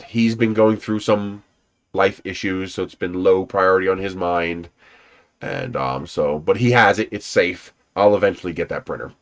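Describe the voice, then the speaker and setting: A man casually rambling through personal stories on a livestream, laughing often and swearing now and then. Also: sits low. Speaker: livestream host.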